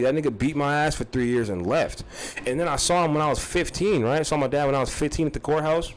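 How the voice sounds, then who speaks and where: A man's voice: lowish voice, quick pace, soft background music. A young man telling a personal story in a casual, profane, rambling way. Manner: profane, animated, rambling with restarts.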